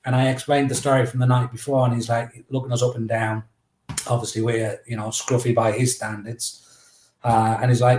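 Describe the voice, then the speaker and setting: A man's voice: mid-range voice, brisk. Chatty man telling a story. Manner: lively, chatty, acts out quotes. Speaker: guest. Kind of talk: anecdotal storytelling. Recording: roomy echoey room.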